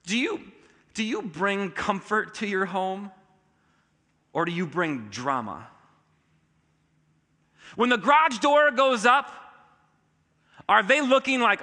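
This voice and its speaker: A male pastor preaching a sermon in a church auditorium, emphatic, with sudden rises in pitch and loudness. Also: animated, a little slow, long pauses, in a large hall.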